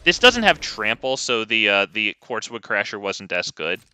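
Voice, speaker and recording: A man's voice: on the low side, big pitch swings, normal speed, sharp tone, clear, resonant tone. A young man giving casual, wry gameplay commentary with lots of ums, close to a desk mic.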